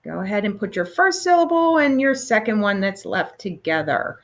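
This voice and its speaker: Her mid-range voice rises and falls widely as this woman teacher leads children through a recorded phonics lesson. She is patient and encouraging, pausing for them to answer.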